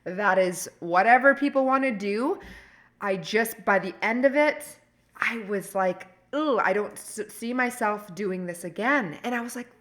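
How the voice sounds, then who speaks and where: A woman co-hosting a podcast, chatting casually and telling animated, rambling stories full of restarts. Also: mid-range voice, measured pace. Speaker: podcast co-host. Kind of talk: casual chat.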